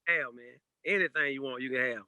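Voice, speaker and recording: A man, a DJ and a father, telling personal stories in a casual podcast chat, animated and laughing as he goes. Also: mid-range voice, fairly quick, no room sound, lo-fi sound. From Georgia, USA. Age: adult parent. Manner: animated storyteller, laughs through anecdotes. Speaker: guest DJ.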